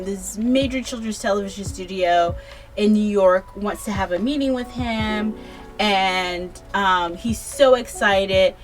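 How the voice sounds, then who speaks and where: A tipsy woman giving a casual book review, rambling and swearing freely, often restarting her sentences. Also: mid-range voice.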